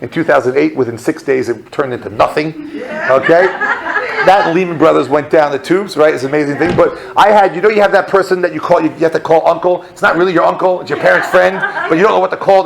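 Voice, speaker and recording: A man in his thirties from the American South, a rabbi telling a personal story to an audience, animated and acting out dialogue in different voices. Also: a little high, vocal fry, poor audio. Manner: animated, acts out dialogue in voices, many fillers. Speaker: rabbi giving a talk.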